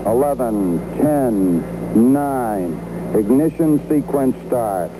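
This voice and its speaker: Measured launch-control announcer man, noisy archive. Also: medium pitch, animated. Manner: measured, formal call-outs. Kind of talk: countdown commentary.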